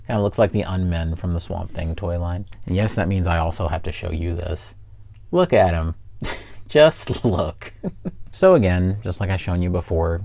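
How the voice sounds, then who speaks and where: A man with a low, gravelly voice walks through a toy review in a casual, enthusiastic way. He chuckles often as he shows off the details. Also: darkish tone.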